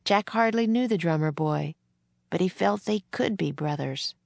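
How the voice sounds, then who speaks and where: A woman reading a children's book aloud in a gentle, measured way. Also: lowish voice, lively intonation, creaky, dry recording. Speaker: narrator.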